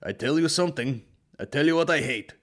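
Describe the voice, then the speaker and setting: A man putting on a stern Eastern European man's voice, talking loud and slow in broken English. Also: fairly high pitch, animated, pitched above the performer's own voice. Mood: gruff. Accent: put-on Eastern European.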